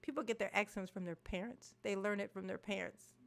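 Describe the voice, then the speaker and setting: A woman's voice: medium pitch, brisk, gravelly. A woman from Maryland hosting a reaction video, ranting animatedly with swearing and laughter. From Maryland, USA. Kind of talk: casual reaction commentary.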